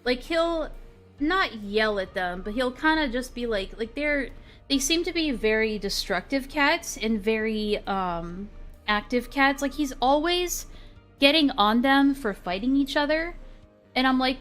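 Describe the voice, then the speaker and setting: Woman, streamer, casual storytelling, higher pitch, faint music behind, filler-heavy chat. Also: unhurried. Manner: animated retelling with quoted dialogue and frequent fillers.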